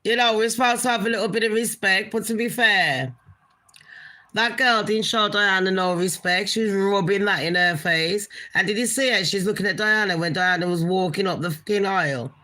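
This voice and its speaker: Woman, livestream gossip host, bright edgy tone, blunt, sweary, chatty asides. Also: medium pitch, moderate pace. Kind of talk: casual celebrity gossip commentary.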